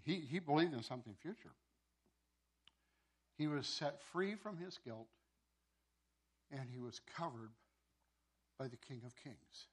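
A pastor telling a sermon story, with many repeated words and restarts. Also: male voice, mid-range voice, expressive, normal speed, pauses often.

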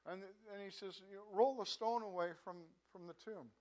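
High-voiced man preaching. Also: moderate pace, hardly any pauses. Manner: conversational, repeats words, frequent "you know"; swings between loud emphasis and quiet asides. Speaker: pastor. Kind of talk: sermon.

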